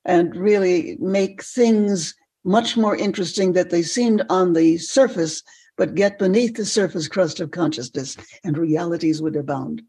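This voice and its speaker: An older woman, a podcast guest, telling animated stories and laughing often. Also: on the low side, a little slow. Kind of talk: storytelling in a podcast interview.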